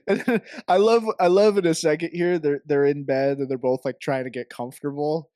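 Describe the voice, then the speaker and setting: A man's voice: fairly high pitch, measured pace, pauses often, no room sound. Laid-back man in a dry room. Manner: laid-back, says "dude" a lot, animated when telling stories. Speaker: podcast co-host. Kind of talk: casual movie commentary chat. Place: home office.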